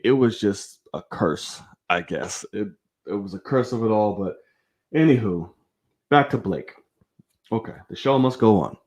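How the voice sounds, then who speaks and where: The host of a live sports stream, a man with a mid-range voice, delivers his rant in a lively, swinging way. Heated, profane and animated, he addresses viewers directly.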